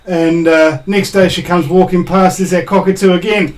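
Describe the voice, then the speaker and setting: A man, a guest on a podcast, in casual chat telling a joke as an animated storyteller who repeats words. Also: high voice, normal speed.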